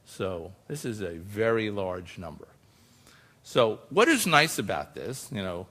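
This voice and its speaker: A scientist with a fairly low, fairly bright voice gives a conversational public talk, explaining things informally. He often tosses asides to the audience, like "you know" and "right?", and a long hall reverb surrounds him.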